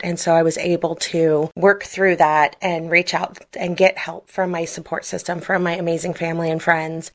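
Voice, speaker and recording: Earnest woman telling her story. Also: fairly low pitch. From Kansas. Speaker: guest. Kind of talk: personal testimony interview.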